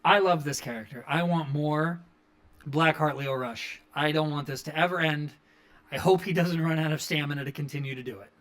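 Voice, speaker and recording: A man with a notably high voice talks through a wrestling recap in casual, rambling commentary. He gets enthusiastic and leans on plenty of fillers as he goes. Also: moderate pace, fairly bright tone. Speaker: wrestling review podcast host.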